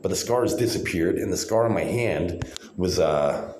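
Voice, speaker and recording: Profane rambling man, lowish voice. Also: normal speed, reverberant, background noise. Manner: profane, rambling, insistent, keeps saying "right?". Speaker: vlogger. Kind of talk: rambling monologue to camera. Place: hospital room, indoors.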